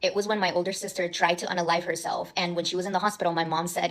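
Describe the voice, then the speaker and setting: A woman recounting her childhood bluntly and matter-of-factly, in a quiet voice. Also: fairly low pitch, little pitch movement, fast, hardly any pauses. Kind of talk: personal storytelling.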